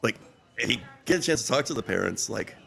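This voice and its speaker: A man's voice: mid-range voice, animated, quick pace, creaky, fairly bright tone, faint music behind. A man who owns a restaurant, guest on a podcast, chatting casually, laughing often and restarting his sentences. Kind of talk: casual chat.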